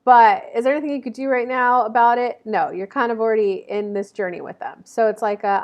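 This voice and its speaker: A woman's voice: a little high, brisk, hardly any pauses, a little mellow, muffled recording. A woman in her thirties giving a casual zodiac reading to camera, chatty and rambling, with many fillers and self-corrections. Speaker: astrology reader.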